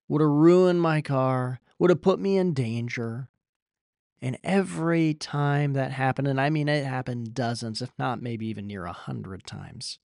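A man's voice: medium pitch, vocal fry, darkish tone, no echo, studio quality. A young man from Iowa preaching a sermon, earnest and emphatic, his voice rising when he pleads. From Iowa, USA. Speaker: pastor.

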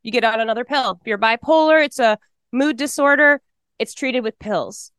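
Woman in her 40s telling her story, emotional, talks fast, smooth slightly high voice, dry sound. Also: fairly bright tone, no room sound. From Texas, US. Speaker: guest telling her testimony. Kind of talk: personal testimony in a podcast interview.

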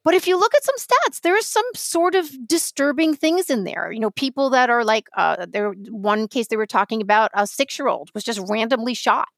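A woman co-hosting a podcast in casual chat, an animated storyteller who restarts her sentences often. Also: a little high, fairly quick, hardly any pauses, dry recording. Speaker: podcast co-host.

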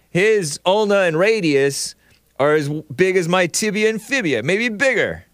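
A man's voice: high voice, very animated, normal speed, fairly bright tone, no room sound, clean studio sound. A man hosting a call-in talk show, joking and laughing often as he chats. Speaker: radio show host.

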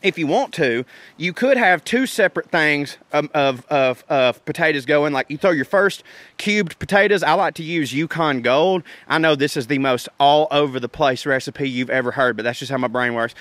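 A man's voice: fairly high pitch, normal speed, fairly bright tone, no room sound. A man, hosting a podcast and talking through a recipe in a rambling, folksy, profane, joking way. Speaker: podcast host. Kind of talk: casual cooking talk.

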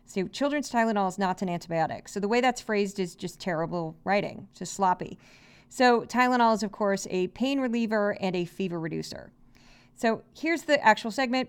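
A woman hosting a media commentary podcast, brisk, sarcastic and incredulous. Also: mid-range voice, lively intonation, clean tone. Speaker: podcast host.

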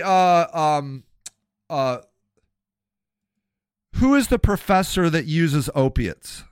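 A man's voice: sits high, very animated, measured pace, pauses often, smooth, no echo, studio quality. A man hosting a podcast, talking in a blunt, profane, rambling casual monologue, sober for many years. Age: older. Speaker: podcast host.

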